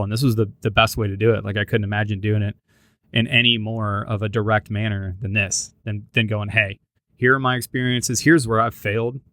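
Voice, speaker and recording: A man's voice: on the low side, sharp tone, no room sound. A middle-aged man hosting a podcast, talking earnestly in casual chat with lots of restarts. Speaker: podcast host.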